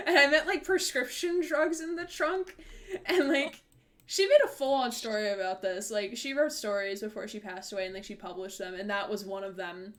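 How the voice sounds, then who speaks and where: While hosting a live game stream, a woman rambles through casual chat, full of fillers and corrections to herself. She speaks at a normal speed in an expressive, mid-range voice that's a bit bright.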